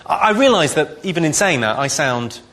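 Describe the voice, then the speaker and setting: Deadpan man at a live stand-up set. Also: a little high, a little fast. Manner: dry deadpan one-liners. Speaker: stand-up comedian. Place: live comedy venue. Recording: live show with loud background noise.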